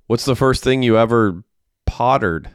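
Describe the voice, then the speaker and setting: A man's voice: mid-range voice, measured pace, clean tone, dry recording, pitched above the performer's own voice, natural voice. A man reading aloud and voicing an awkward young man who talks in a dry, joking way.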